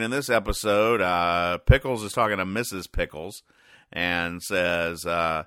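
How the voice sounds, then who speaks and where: Deep-voiced man, deadpan comic recap. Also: a little slow, smooth, dry recording. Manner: dry, sarcastic explanations. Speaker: podcast host.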